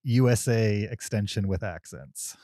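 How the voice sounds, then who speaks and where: A man's voice: lowish voice, unhurried, dark tone, dry recording. A man in his forties co-hosting a movie podcast, chatting casually with a dry, teasing manner. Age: 40s. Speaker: podcast co-host. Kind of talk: casual chat.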